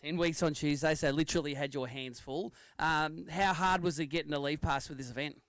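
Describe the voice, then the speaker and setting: A man's voice: fairly high pitch, steady tone, a little fast, fairly bright tone, dry recording. A man with an Australian accent hosting a live fishing weigh-in outdoors, chatty and joking as he reads out weights and standings. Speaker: weigh-in emcee.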